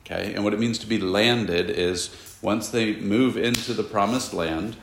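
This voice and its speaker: A man's voice: lowish voice, moderate pace, creaky, slight background noise. A man teaching a classroom Bible lesson, explaining at length and asking his students questions, with casual asides. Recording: echoey room.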